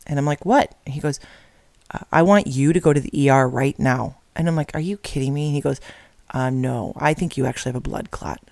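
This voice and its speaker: A woman's voice: very deep voice, steady tone, brisk, gravelly, darkish tone, dry recording. Earnest woman telling a personal story. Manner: earnest, emotional, with quoted dialogue. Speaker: speaker telling her story.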